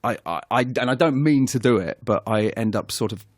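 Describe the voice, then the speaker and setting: A man chats as a podcast guest, telling animated, self-mocking stories. His voice sits at a middle pitch and sounds dry and close on the mic. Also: fairly quick, no room sound. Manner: animated, self-mocking storyteller who laughs often. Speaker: guest actor. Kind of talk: casual podcast chat.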